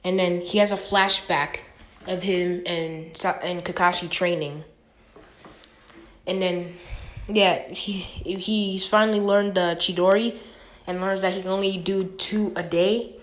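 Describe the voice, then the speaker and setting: Slow rambling woman retelling a fan story. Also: fairly low pitch, steady tone. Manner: rambling, many fillers and restarts. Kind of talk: casual fan-fiction retelling.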